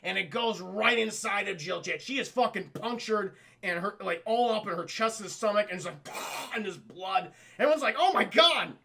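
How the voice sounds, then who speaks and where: Bright, high male streamer with a gravelly edge, swears a lot and keeps talking to the chat. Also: brisk, hardly any pauses. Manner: profane, laughing, keeps addressing the chat. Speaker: streamer and film reviewer. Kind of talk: live-stream film recap chat.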